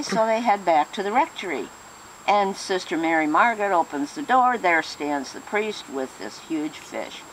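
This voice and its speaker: A woman casually telling a joke, animated and correcting herself as she goes. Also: lowish voice, moderate pace, a little hiss or hum, low-quality recording. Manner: animated storyteller, self-correcting. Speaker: joke teller.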